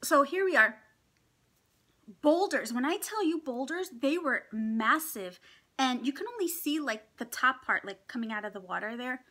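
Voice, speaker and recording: A middle-aged woman vlogger telling a story in casual chat, animated and laughing often as she acts out what people said. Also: sits high, normal speed. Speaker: mukbang vlogger.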